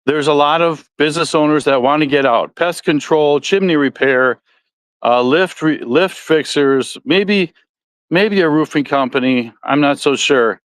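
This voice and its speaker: Midwestern male podcast host, somewhat high voice, rambling and folksy, dry close recording. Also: measured pace, clear, resonant tone, no room sound. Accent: Midwestern American. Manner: rambling, self-correcting, folksy. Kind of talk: casual solo podcast talk.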